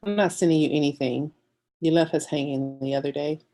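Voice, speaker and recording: A woman chats casually on a livestream, calling out viewers' names one after another. Her voice is low and mellow. She speaks slowly and evenly, with little rise and fall. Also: steady tone. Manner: greets viewers by name, slow and drawn out. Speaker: livestream host.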